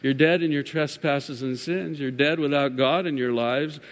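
A man preaching a sermon as pastor, swinging from emphatic raised peaks to hushed, quiet drops. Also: a little high, steady tone, moderate pace. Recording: long hall reverb.

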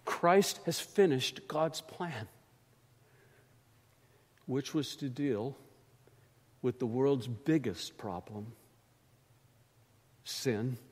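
A man preaching a sermon in a church, slow and emphatic, swelling loud on key phrases and dropping low between them. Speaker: pastor. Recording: reverberant church hall.

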